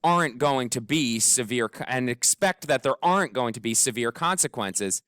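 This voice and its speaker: A man's voice: mid-range voice, expressive, moderate pace, fairly bright tone, smooth, dry recording, studio quality, lightly acted. A man voicing a firm, scolding elderly great-aunt in an audiobook. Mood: stern. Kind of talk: audiobook character voice.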